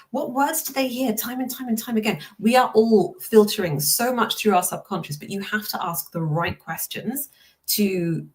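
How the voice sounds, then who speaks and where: A woman explaining things as a guest consultant in a casual interview chat, articulate, with quick asides. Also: fairly high pitch.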